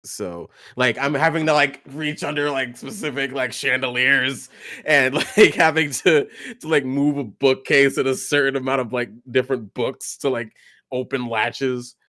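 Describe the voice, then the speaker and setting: A man's voice: mid-range voice, fairly even intonation, moderate pace, sharp tone, no echo, clean studio sound. A man playing in a tabletop game, describing his character's actions in a rambling, filler-heavy way. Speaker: player.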